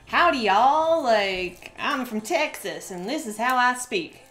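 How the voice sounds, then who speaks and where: A loud, over-the-top Texan cowboy drawl, as a woman hams it up. The voice rides higher than her usual talk and lands brash and booming, with faint music playing behind. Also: animated, slow pace, echoey room. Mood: hammy. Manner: loud, hammed-up stereotype drawl.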